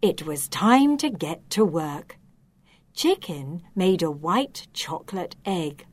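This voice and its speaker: A woman reading a children's story aloud, slow, expressive and clearly enunciated. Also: on the low side.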